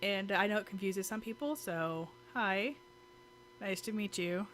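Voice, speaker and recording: A woman's voice: medium pitch, unhurried, fairly bright tone. Chatty giggly mom vlogging to her camera, faint hum behind, lots of ums and restarts. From United States. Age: adult with children. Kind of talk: casual talking-to-camera vlog. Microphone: camera mic.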